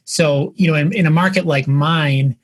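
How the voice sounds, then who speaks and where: A man's voice: on the high side, normal speed. Man host asking rambling questions. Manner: loose, rambling questions with many restarts. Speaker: podcast host, real estate investor. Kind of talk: casual podcast interview.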